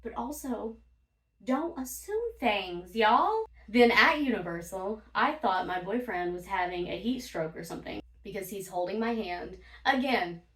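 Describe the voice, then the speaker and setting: A woman's voice: medium pitch, expressive, unhurried, fairly bright tone. A woman vlogger telling casual stories, blunt and profane, laughing often as she talks. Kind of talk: casual storytime monologue. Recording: roomy, from a distance.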